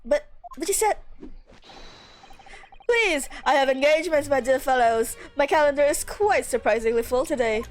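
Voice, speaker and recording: A woman voicing a haughty, evasive male gentleman detective in a pompous, drawn-out manner for a game read-along. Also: a little high, pitched below the performer's own voice. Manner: pompous, drawn-out, mock British.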